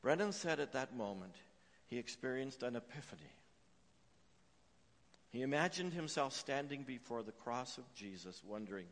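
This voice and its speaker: A man preaching a sermon as pastor, telling a story with frequent "uh" fillers and swinging between hushed and emphatic delivery. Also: medium pitch, lively intonation, normal speed. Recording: long reverb of a large hall.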